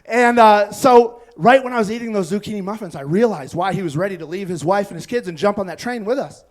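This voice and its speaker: A man with a high-sitting voice does stand-up on a club stage, telling a rambling story fast and laughing at his own lines.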